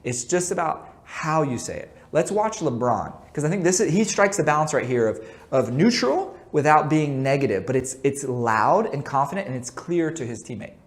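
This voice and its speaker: A man's voice: a little high, sing-song, moderate pace, few pauses. A man coaching a basketball lesson in a conversational way, often checking in with the listener. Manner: conversational, keeps checking in with "right?"; jokey asides. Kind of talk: instructional talk.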